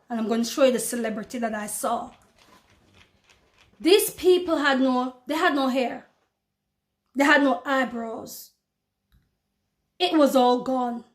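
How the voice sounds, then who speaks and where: Earnest high-voiced woman giving testimony. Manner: earnest, repetitive, addresses listeners as brothers and sisters. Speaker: religious testifier. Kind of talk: spoken religious testimony.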